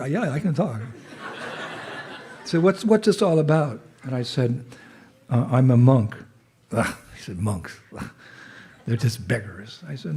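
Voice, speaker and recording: His voice is husky and mellow at a medium pitch, and he has a cold that makes him clear his throat. As a visiting monk, he chats informally with a temple gathering, telling a story with laughs and calling out jai for the crowd to answer.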